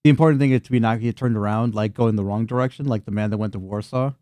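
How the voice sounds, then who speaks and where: A man's voice: lowish voice, fast talker, warm tone, dry recording. A man narrating a tabletop game as game master, casual and laughing, with frequent swearing.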